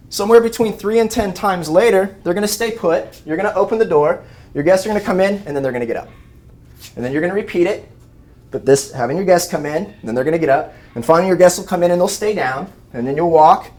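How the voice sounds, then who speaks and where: A man, an animal behavior trainer giving a lively live talk to rescue volunteers and acting out everyday scenes. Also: sits high. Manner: animated, acts out scenes with shouted mock voices.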